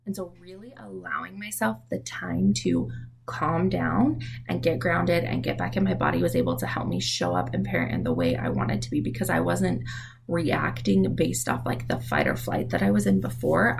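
A woman's voice: fairly low pitch, big pitch swings, normal speed, vocal fry, breathy edge. A mother giving candid, reflective parenting advice in a casual, frank way. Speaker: parenting speaker.

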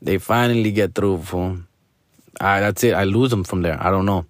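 A man's voice: deep voice, normal speed, no room sound, clean studio sound. A man telling a rambling, profane story in slangy English with Spanish mixed in.

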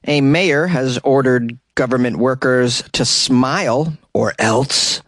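A man with a medium-pitched voice hosts a casual comedic news commentary show, taking things slowly. He reads stories and cracks wry jokes, laughs at his own asides, and stumbles over foreign names.

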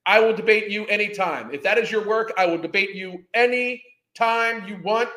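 High-voiced man ranting angrily with profanity. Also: moderate pace, pushed and bright, reverberant. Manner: angry, swearing, insulting. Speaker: commentary channel host. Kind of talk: profane reaction rant.

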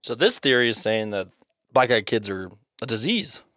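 A man co-hosting a podcast, excitable and teasing, with plenty of swearing. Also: mid-range voice, moderate pace, no echo. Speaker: podcast co-host. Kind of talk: casual podcast chat.

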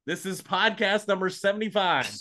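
A man in his forties, a play-by-play announcer co-hosting a sports podcast in casual, dry, self-mocking chat, quick to laugh. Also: sits high, lively intonation, sharp tone.

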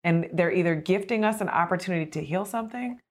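Lively lower-voiced woman host. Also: fast talker. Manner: animated, laughing, frequent fillers and restarts. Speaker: podcast host. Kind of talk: casual conversational storytelling.

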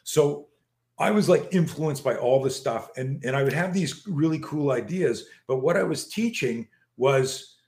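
A man in his sixties, a podcast guest, telling a story in an animated, profane way with many restarts. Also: on the high side, a little slow. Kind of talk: storytelling in a conversation. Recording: roomy echo.

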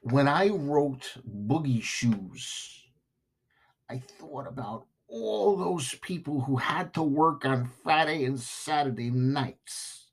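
A man putting on an over-sincere male disco singer with a back-east American accent, drawling slowly and heartfelt with swooping pitch. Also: expressive, slightly rough, full character voice. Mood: earnest. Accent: back east American, put on.

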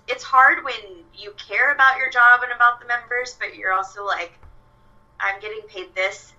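A woman's voice: medium pitch, sharp tone, highs cut off. A young woman, a fitness coach, chatting casually with lots of fillers and quoted asides. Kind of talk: casual podcast chat. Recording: voice a bit far from the mic.

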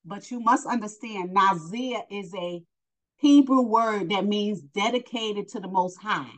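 This is a woman from New York leading a Bible lesson. Her voice sits at a middling pitch. She reads scripture aloud and then retells it in blunt street talk, firing questions at her listeners and answering them herself. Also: a little slow, rough recording. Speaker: Bible teacher.

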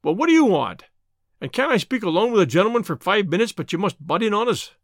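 A man voicing a gruff, menacing middle-aged gang boss who questions bluntly in an audiobook reading. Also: high voice, sing-song, a little fast, dry recording, studio quality, heavily acted. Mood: blustering.

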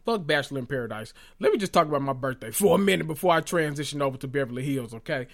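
A man's voice: a little high, rapid-fire, creaky. Sassy, profane man gossiping. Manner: animated, sassy, profane, talks straight to listeners. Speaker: podcast host. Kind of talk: casual reality TV gossip monologue.

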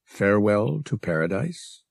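A man narrates a novel in a measured storytelling voice, pitched fairly low with a gravelly, slightly husky grain. His delivery rises and falls with lively expression. The recording is dry and close. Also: dry recording. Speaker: audiobook reader. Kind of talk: scripted narration.

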